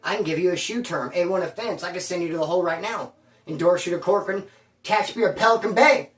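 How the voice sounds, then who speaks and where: A man voicing a gruff but lenient prison sergeant who lectures with sarcastic questions. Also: high-pitched, quick pace, close to an everyday voice. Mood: lecturing. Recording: roomy echo, distant mic.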